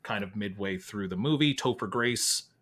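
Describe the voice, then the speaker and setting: Male podcast host, bright timbre, chatty, keeps score with easy banter. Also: lowish voice, moderate pace, a little hiss or hum. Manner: upbeat, running scores and banter. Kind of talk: casual game-show chat.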